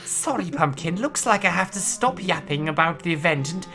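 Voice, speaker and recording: A woman's voice: fairly low pitch, animated, moderate pace, voice pushed down. A woman doing a chatty old British shop granny. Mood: gossipy. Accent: put-on British. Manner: folksy, calls people pet names. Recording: loud jazz game music behind.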